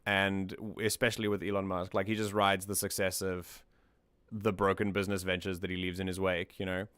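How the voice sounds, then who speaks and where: Man, low voice, smooth and clear, music analysis host, casual thoughtful chat, dry close mic. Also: little pitch movement, brisk, a bit bright, dry recording. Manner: thoughtful, repeats words while thinking.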